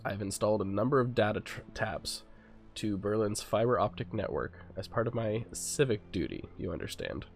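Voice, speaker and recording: A man reading a courteous male fixer, gravelly. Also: fairly low pitch, animated, normal speed, faint music behind. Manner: polite, formal read-aloud delivery. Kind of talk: reading game dialogue aloud.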